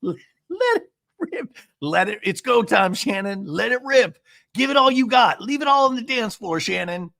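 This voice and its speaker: A man putting on a comic falsetto impression of a peppy woman giving a coach-like pep talk. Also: very animated, a little slow, gravelly, bright, forceful tone, full character voice. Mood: cheering. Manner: high chanting falsetto, coach-like. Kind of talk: comic impression in a podcast recap.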